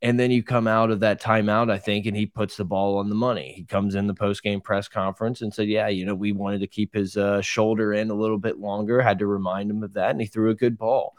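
A man's voice: on the low side, little pitch movement, a little fast, hardly any pauses, dry recording, studio quality. A man co-hosting a podcast, giving opinionated football takes in a rambling casual way. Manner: opinionated, rambling, restarts often. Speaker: podcast co-host. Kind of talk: casual sports chat.

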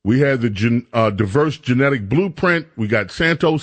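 A man's voice: mid-range voice, lively intonation, moderate pace. Sarcastic male talk radio host. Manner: sarcastic, reads headlines aloud and mocks them; mock voices for imagined friends.

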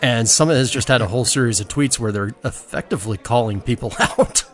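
A man's voice: medium pitch, fairly quick. A man co-hosting a homebrewing podcast, recapping news in a chatty, exclamatory way. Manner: chatty, exclamatory, lively storytelling. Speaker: podcast co-host. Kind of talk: casual chat.

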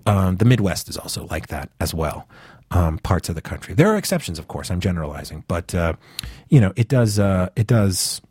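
A man's voice: low voice, very animated, fairly quick, a little mellow, husky, no room sound, studio quality. A man from the northeastern United States hosting a podcast, talking casually and rambling with lots of fillers and restarts. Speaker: podcast host.

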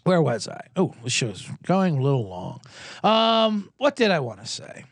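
A man hosts a comedy sports podcast, ranting sarcastically and cursing freely. His voice swings widely in pitch as he fires off complaints. The recording is close and dry. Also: wildly swooping pitch, measured pace, no room sound. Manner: ranting, sarcastic, profane, self-interrupting. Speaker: podcast host.

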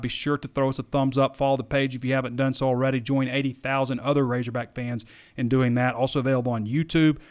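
A man hosting a sports podcast, chatting casually and answering listener questions in a rambling, hesitant way, his voice wearing thin. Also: mid-range voice. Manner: rambling, hesitant, repeats himself.

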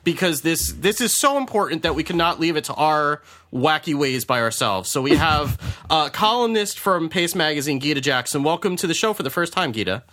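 Jersey guy hosting a podcast, bright voice, jokey intros. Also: fairly high pitch, lively intonation, brisk. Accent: New Jersey. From New Jersey. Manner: joking, introduces guests. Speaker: podcast host. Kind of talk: casual podcast chat.

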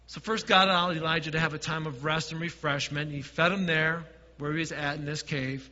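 A man preaching a sermon as pastor, dropping to quiet asides and swelling to emphatic points. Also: on the high side, steady tone, brisk, big-room sound, lo-fi sound.

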